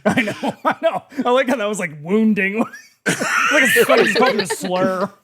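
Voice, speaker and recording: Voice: mid-range voice, unhurried, fairly bright tone, slightly rough. A podcast co-host in casual chat, blunt and joking, swearing freely and giving strong opinions.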